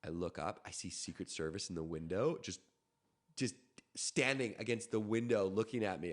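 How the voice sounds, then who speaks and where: A man from Canada, a podcast guest, telling a story in a quick, animated way with frequent restarts. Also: on the low side. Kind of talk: casual storytelling.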